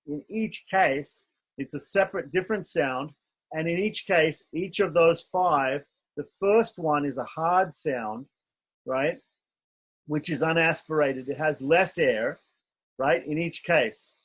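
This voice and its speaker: A man leads an online pronunciation class, speaking very slowly and stretching out each syllable so students can copy it. His voice sits a little high for a man. The sound comes through a video call. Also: breathy edge. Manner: slow, patient, overemphasized syllable drills. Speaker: Sanskrit pronunciation teacher.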